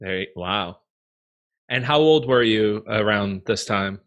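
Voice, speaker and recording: A man hosting an interview podcast, asking questions in a relaxed, chatty way with short reactions. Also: on the low side, slow pace, muffled recording. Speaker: podcast host. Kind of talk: casual interview chat.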